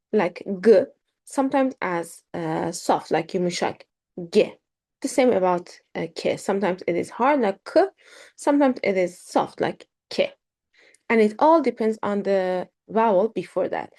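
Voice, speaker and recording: Slow, gravelly woman teaching pronunciation. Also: mid-range voice, darkish tone. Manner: slow and careful, repeats words, many ums. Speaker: language teacher. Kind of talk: beginner pronunciation lesson.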